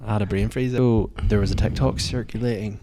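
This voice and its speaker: A man's voice: fairly low pitch, steady tone, fairly quick, background noise. A man co-hosting a podcast, trading joking banter. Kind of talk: casual chat.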